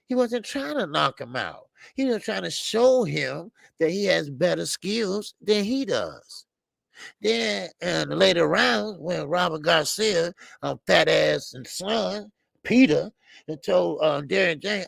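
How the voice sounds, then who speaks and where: Gravelly-voiced man hosting a boxing call-in. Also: a little high, moderate pace, dry recording. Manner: animated, rambling, many filler restarts. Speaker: boxing call-in show host. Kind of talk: casual call-in show chat.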